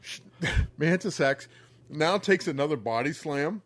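A man co-hosting a podcast, telling a story in an animated, profane way with frequent laughter, close to the mic. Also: a little high, a little slow, no room sound. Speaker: podcast co-host. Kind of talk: casual storytelling.

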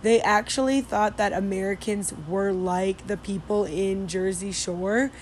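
Young woman rambling slowly thru a story, lots of likes and restarts, faint hiss behind. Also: medium pitch, steady tone. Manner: rambling, many fillers and restarts, mimics Spanish street calls. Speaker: vlogger recounting study abroad. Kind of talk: casual storytelling.

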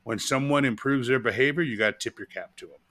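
Animated joking man, dry sound. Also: medium pitch, quick pace, no room sound. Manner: animated, joking, laughs often. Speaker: podcast co-host. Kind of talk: casual chat.

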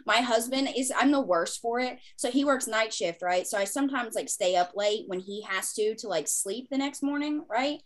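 A young woman hosting a casual chat, excitable and gushing, swearing freely. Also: fairly high pitch, normal speed, hardly any pauses. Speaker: podcast host.

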